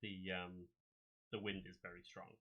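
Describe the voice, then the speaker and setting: A man's voice: deep voice, little pitch movement, unhurried, highs cut off. A man narrating as game master in a tabletop game, describing scenes with frequent ums and restarts.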